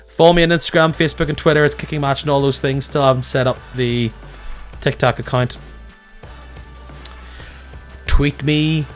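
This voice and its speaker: A man hosting a casual podcast, chatty and self-mocking with lively asides. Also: on the low side. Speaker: podcast host.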